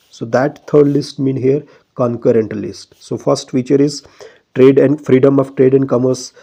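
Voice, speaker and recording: Indian guy giving a test prep lesson, very dark voice, monotone, lots of uh and right?. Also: medium pitch, vocal fry. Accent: Indian English. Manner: hesitant, many fillers and restarts, repeats "right?". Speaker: teacher.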